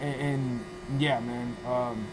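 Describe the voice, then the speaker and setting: A man, a guest in a barbershop chair, casually telling a lively family story and acting out the voices in it. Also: medium pitch, takes it slowly, noisy background. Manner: animated, acts out family dialogue.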